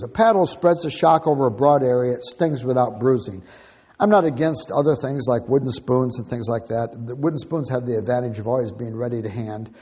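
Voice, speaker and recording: An older Christian parenting teacher gives a plain-spoken, folksy talk in a husky, mid-range voice that is a little mellow. A long hall reverb trails his words, and the recording is dull and lo-fi.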